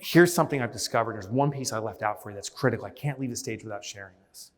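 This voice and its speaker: On a conference stage, a man with a lowish voice delivers a fast, motivational business keynote, telling energetic stories. He acts out scenes by mimicking and shouting, and the recording has a long hall reverb.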